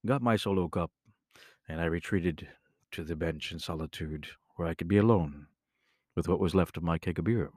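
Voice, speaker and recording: A man hosting a podcast, telling a rambling personal story in a casual, animated way, often correcting himself mid-sentence. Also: medium pitch, dry recording, clean studio sound. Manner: animated, rambling, with self-corrections and bursts of laughter. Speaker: podcast host.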